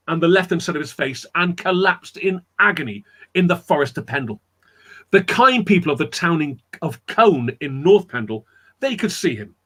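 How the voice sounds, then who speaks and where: A man telling a dramatic folk tale as a guest storyteller, acting out the characters' voices. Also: fairly high pitch. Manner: animated, acts out characters' voices.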